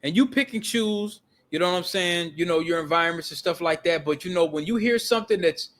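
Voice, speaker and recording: A man with a high-pitched voice tells a story with animated, emphatic delivery. He speaks casually, uses slang and profanity, and repeats phrases for emphasis. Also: fairly quick. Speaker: vlogger.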